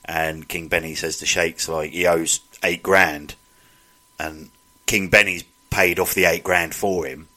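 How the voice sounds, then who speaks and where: A man chats casually about a film he has watched, retelling its scenes and acting out the characters' lines. His voice sits very low. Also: fairly even intonation, measured pace, pushed and bright. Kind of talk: casual film recap chat.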